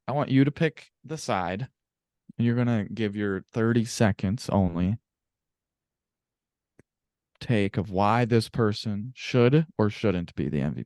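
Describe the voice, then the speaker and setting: A man co-hosting a casual sports podcast, animated and swearing freely as he tells stories. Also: fairly low pitch, no room sound, clean studio sound. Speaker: podcast co-host.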